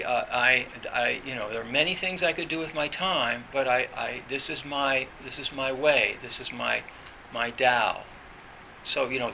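Bright-voiced man giving a rambling dharma talk. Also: medium pitch, creaky, slight background noise, low-quality recording. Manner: meandering, full of "you know" and restarts.

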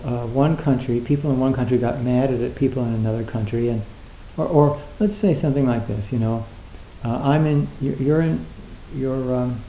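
A man's voice: medium pitch, mellow, reverberant, slight background noise, poor audio. A man giving a reflective, casual talk on Zen, hesitant and full of fillers, acting out little dialogues.

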